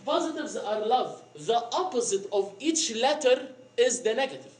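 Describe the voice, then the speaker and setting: A man's voice: extremely high pitch, very animated, normal speed. A man from Egypt giving an informal storytelling sermon, with many fillers and frequent laughs. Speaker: priest giving a talk. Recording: echoey room with faint noise.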